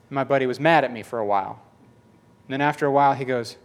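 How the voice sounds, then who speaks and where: A man preaching a storytelling sermon, acting out the dialogue in animated fashion. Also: mid-range voice, fast.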